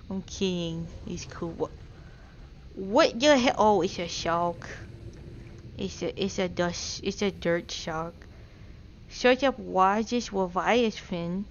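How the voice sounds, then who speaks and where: A woman streaming a game live, unhurried and playful as she teases her chat. Her voice jumps high and loud in sudden excited bursts. The sound is a little dull, with faint game ambience underneath. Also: vocal fry, slight background noise.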